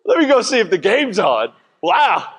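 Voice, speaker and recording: Pastor guy, high voice, chatty jokey sermon, lots of church echo. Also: wildly swooping pitch, measured pace, gravelly, fairly bright tone. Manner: conversational, jokey preaching with voiced asides. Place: church sanctuary. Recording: church hall reverb.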